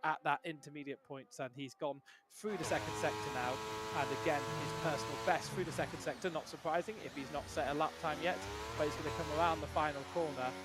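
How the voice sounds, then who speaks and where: A man giving live commentary on a sim racing session, building excitement on fast laps. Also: on the high side, heavy background noise. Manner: excitable, rising on fast laps, some restarts.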